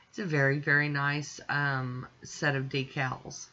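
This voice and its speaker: A woman's voice: deep voice, unhurried, highs cut off. Chatty woman narrating a nail tutorial. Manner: chatty, relaxed step-by-step explaining. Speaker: nail art channel host.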